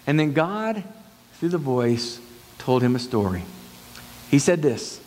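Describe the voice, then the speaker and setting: A man preaching a sermon as pastor, retelling a story and acting out its dialogue with big swings in pitch. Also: big pitch swings, takes it slowly, long pauses, a little mellow. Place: church sanctuary. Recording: long church hall reverb.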